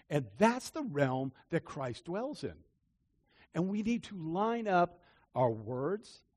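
An older man with a husky, slightly high voice preaches from personal experience. His pitch rises and falls widely as he repeats phrases with earnest conviction, dropping to near-hushed confession and then climbing back to emphatic declaration. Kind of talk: testimony-style sermon.

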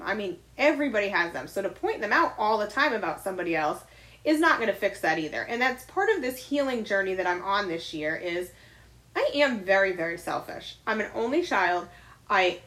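A woman's voice: mid-range voice, fairly bright tone. Blunt, confessional woman podcaster. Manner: blunt and confessional, swears freely. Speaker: podcast co-host. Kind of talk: candid casual chat.

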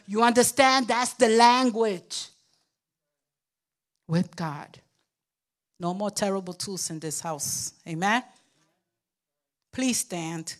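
An older woman pastor preaches slowly, leaving long pauses, and draws emphatic call-and-response from her congregation. She sometimes acts out babbling toddlers in a squeaky voice.

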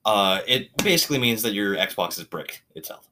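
A man chatting casually with a friend, swearing freely as he rambles from joke to joke. His pitch swings widely, and faint noise sits behind him. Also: expressive, moderate pace. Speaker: friend in conversation. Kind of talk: casual chat.

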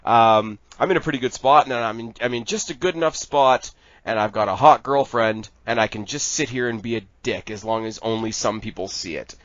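A man's voice: medium pitch, a little fast, a bit bright, no echo. A man in a casual fan-casting chat, rambling and crude, laughing often. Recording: dull lo-fi sound.

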